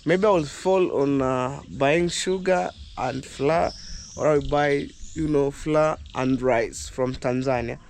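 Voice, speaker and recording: A man's voice: mid-range voice, slow pace, a little hiss or hum. A young man from Kenya with a Kenyan accent, chatting loosely to his viewers outdoors in a village yard, peppering his talk with "you know, guys". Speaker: vlogger. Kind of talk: casual vlog chat to viewers.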